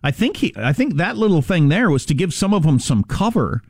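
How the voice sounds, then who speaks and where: A man's voice: on the high side, very animated, brisk, creaky, a little mellow, slightly rough, dry recording. A man hosting a talk radio show, wry and conversational with a dry humor. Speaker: radio host.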